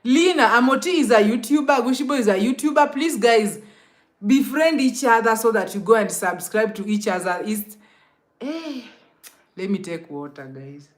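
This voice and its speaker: A woman's voice: on the high side, lively intonation, normal speed. A young Kenyan woman chatting casually on a live stream, greeting commenters by name and laughing often.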